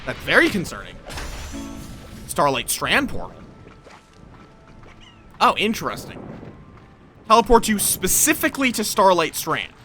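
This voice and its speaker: Lively high-voiced gamer guy. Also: measured pace, pauses often. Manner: animated, chatty, swears, talks to chat. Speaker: streamer. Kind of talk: casual gameplay commentary. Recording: faint game music behind.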